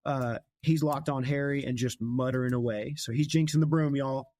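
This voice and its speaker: A young male podcast host with a medium-pitched voice retells a book in casual conversation, recorded dry. He's animated and laughs often, slipping into quick character voices along the way.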